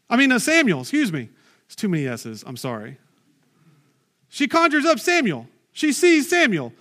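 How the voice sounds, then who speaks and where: A man's voice: very high voice, a bit bright. A man preaching a sermon, reading scripture and breaking off into chatty asides and rhetorical questions.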